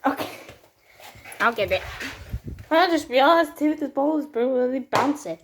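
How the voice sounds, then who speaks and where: A woman's voice: sits high, animated, measured pace, creaky, pauses often, background noise. A young woman casually vlogging at home, chatting to viewers and coaxing her dog in a sing-song voice. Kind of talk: casual vlog narration.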